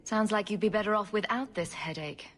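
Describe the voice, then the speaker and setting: An actress playing a calm, dry, self-assured female adventurer in video game dialogue. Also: mid-range voice, a little fast, natural voice.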